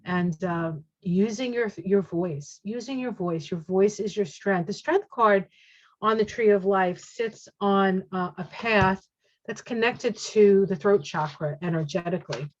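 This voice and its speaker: A woman giving a casual tarot reading, chatty and excitable, reacting aloud to each card as she turns it. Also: mid-range voice, unhurried. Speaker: tarot reader. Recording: dull lo-fi sound.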